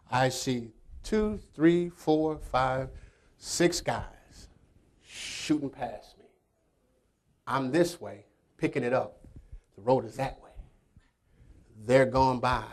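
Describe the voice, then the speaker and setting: A man hosting a faith-based motivational show, telling a story in an animated, emphatic way and talking straight to his audience. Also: a little high. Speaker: host and motivational speaker.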